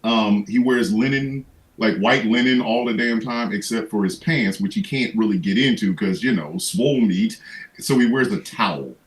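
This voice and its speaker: A man's voice: on the low side, normal speed, rough recording. A man hosting a livestream, ranting in casual comedic chat with lots of profanity and stammered restarts. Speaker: livestream host.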